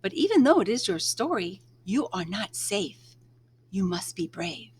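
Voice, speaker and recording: A woman reading aloud, voicing a gentle, wise spirit rabbit that speaks slowly and softly in a lowered voice. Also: big pitch swings, slightly rough, heavily acted. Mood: solemn. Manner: slow, soft, solemn.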